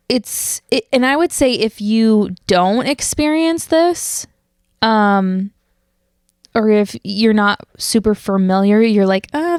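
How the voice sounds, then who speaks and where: A woman's voice: medium pitch, darkish tone, clean tone, no echo, studio quality. A young woman hosting a podcast, chatting casually and rambling with lots of fillers and restarts. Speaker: podcast host. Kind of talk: casual solo chat.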